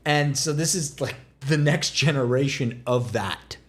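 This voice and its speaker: A man co-hosting a podcast in casual chat, telling a story emphatically with lively stress. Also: medium pitch, a little slow. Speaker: podcast co-host.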